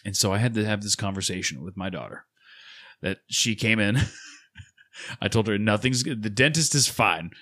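A man's voice: on the low side, animated, moderate pace, bright, forceful tone. A man in his thirties co-hosting a podcast, telling a rambling, profane story in casual chat and acting out what other people said. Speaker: podcast co-host.

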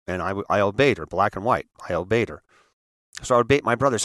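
A man from the San Francisco area telling a personal story in an earnest, halting way, often restarting and repeating words. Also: on the low side, fairly bright tone, no echo, studio quality. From San Francisco area, United States. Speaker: speaker telling his life story.

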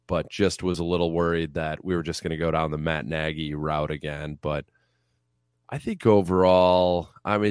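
A man's voice: sits low, clean tone, no room sound, clean studio sound. A man co-hosting a casual sports chat, joking and rambling with some profanity. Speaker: podcast co-host.

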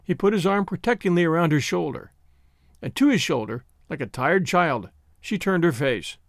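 A man narrating a classic short story in an expressive, measured reading voice. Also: fairly high pitch, vocal fry, dry recording, clean studio sound.

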